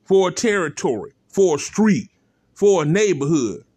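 A man's voice: high-pitched, big pitch swings, moderate pace, darkish tone, slightly rough, no echo. A man giving a blunt, impassioned spoken rant, hammering points with repeated rhetorical calls and casual speech. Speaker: commentator.

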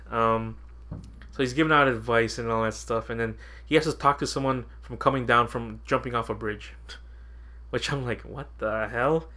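A man's voice: medium pitch, normal speed, bright, forceful tone. A man co-hosting a podcast in casual chat, rambling and laughing often as he quotes his own reactions. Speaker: podcast co-host.

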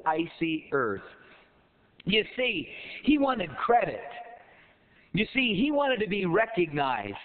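Animated folksy preacher. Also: male voice, sits high, unhurried. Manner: folksy, animated storytelling, rising to emphatic peaks. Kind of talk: sermon with storytelling. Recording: tinny phone-like sound.

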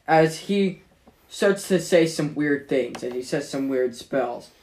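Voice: medium pitch, animated, slow, a little mellow. Rambling tabletop game master. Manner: rambling, many ums and restarts.

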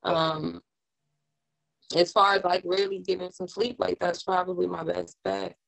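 A young woman rapper talks through a casual interview in a very low voice with a gravelly fry. She takes her time, with plenty of "um" and "like". Her delivery stays laid-back throughout. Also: level tone, unhurried, fairly bright tone, low-quality recording. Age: young adult. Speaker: rapper guest.

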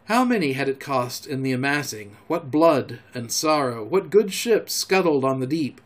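A man, a podcast storyteller, reading a classic adventure novel aloud in a measured, expressive way. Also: medium pitch.

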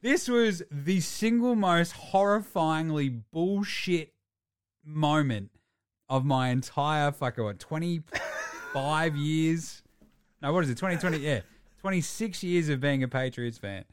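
A man in his thirties with an Australian accent, talking sport in a loud, swearing rant. His voice sits a little high for a man, and it jumps higher still when he gets worked up. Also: unhurried, smooth, dry recording. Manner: profane, ranting, animated. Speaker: podcast co-host. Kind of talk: casual sports chat.

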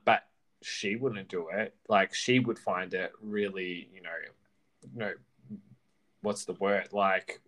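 A man's voice: lowish voice, bright, forceful tone. A man co-hosting a podcast, chatting casually about a reality show, laughing often and using fillers. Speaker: podcast co-host. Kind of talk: casual reality TV recap chat.

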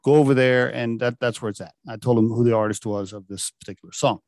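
A middle-aged man telling a casual anecdote about his job. He laughs often and acts out the dialogue with lively shifts in his voice. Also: medium pitch, fast talker, dry recording, clean studio sound. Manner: animated, laughing often, acting out quoted dialogue. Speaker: storyteller recounting a work anecdote.

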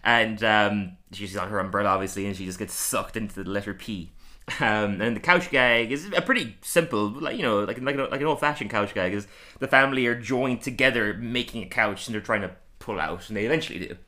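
Podcast co-host, a man with a bright, sharp voice, casual and rambling, quick to laugh. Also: on the low side. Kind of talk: casual chat.

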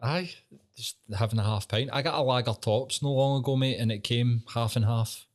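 A man's voice: medium pitch, normal speed. A Scottish man in casual podcast chat, bantering, laughing often and swearing freely.

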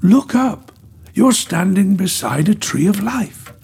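A man voicing a gentle, wise ancient female nature spirit, speaking softly and slowly. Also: high voice, lively intonation, gravelly, breathy edge, full character voice. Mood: reassuring. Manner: soft, slow, soothing.

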